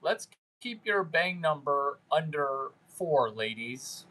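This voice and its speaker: Slow-talking guy on a livestream, kinda high voice, crude and mocking, rambles at his viewers. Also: expressive, bright, forceful tone, rough recording. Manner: mimics viewers in put-on voices. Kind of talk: unscripted livestream chat with viewers.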